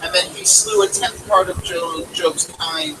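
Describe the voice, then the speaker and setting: A man reading a comic story aloud at a read-in with a dry storytelling delivery, on a distant mic with loud background noise. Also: high voice, a little slow. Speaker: reader at a read-in.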